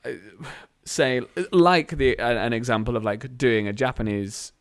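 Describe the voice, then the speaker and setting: A man in casual chat, talking quickly and rambling, teasing the others. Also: medium pitch, lively intonation, smooth.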